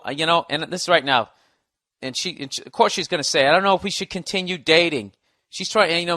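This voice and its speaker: Male podcast host, forceful bright voice, foul-mouthed riffing advice, dry close sound. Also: fairly high pitch, dry recording. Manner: profane, riffing and emphatic. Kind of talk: comedic advice rant.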